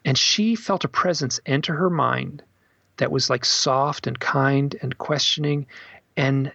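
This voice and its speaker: Male author as podcast guest, husky and gravelly, animated storyteller, dull dry recording. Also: mid-range voice, unhurried, dry recording. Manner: animated storyteller acting out quoted voices. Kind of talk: storytelling in a casual interview.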